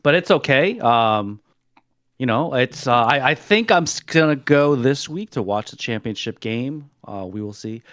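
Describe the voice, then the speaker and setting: A man hosting a casual podcast chat, self-mocking and quick to laugh. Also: mid-range voice, lively intonation, a bit bright. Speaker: host.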